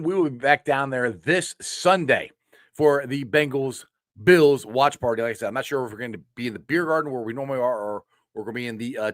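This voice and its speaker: Lively, laughing male sports show host. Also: mid-range voice, no room sound, studio quality. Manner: laughs a lot, loose and excitable, swears casually. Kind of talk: casual sports show chat.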